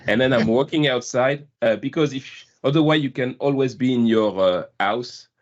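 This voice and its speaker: A man's voice: medium pitch, normal speed. Chatty French-accented man on a call. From France. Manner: chatty, self-deprecating, laughs often, many restarts. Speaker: guest product manager. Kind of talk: casual video-call chat. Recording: dull lo-fi call audio.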